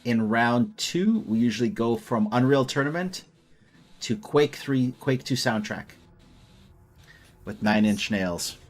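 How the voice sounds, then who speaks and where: A man's voice: medium pitch, lively intonation, slow. A man hosting a live stream, calling a competitive match in a casual, joking way. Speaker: host.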